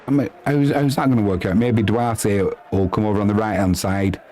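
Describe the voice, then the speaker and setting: A man doing chatty live football commentary, reading out viewer messages and yelping with excitement at goals. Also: normal speed, a little hiss or hum. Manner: chatty and excitable, bursting into high yelps at goals.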